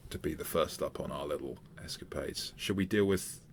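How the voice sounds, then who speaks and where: A male game master with a very low voice narrates a tabletop game in a halting way, pausing and restarting as he goes. A faint hiss sits under the recording. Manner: halting, with many fillers and restarts.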